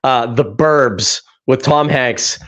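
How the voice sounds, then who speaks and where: A man, hosting a casual podcast chat and excitedly retelling comedy scenes, swearing and laughing as he goes. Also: mid-range voice, slow pace. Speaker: podcast host. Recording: dull lo-fi sound.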